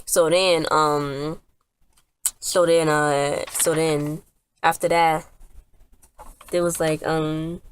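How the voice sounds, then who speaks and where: A woman's voice: sits low, flat delivery, drawn-out words, pauses often, clean tone. A woman casually recapping a TV episode, rambling with lots of fillers and restarts. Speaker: TV episode reviewer.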